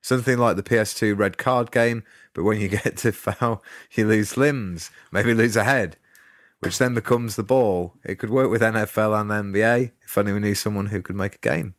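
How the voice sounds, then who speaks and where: A man's voice: on the low side, steady tone, fairly quick, hardly any pauses, no echo. A man co-hosting a gaming podcast, answering in a dry, understated way and reading a listener message plainly. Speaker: podcast co-host. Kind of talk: casual podcast chat.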